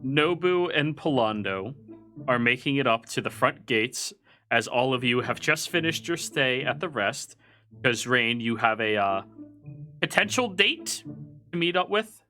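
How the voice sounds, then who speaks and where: A man narrating as game master of a tabletop game, lively and quick to laugh. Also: mid-range voice, soft background music.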